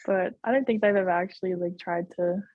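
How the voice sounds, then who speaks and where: This young adult Australian woman plays college basketball and is chatting casually on a video call interview, with laughs between phrases. Her medium-pitched voice comes through a dry recording with the highs cut off.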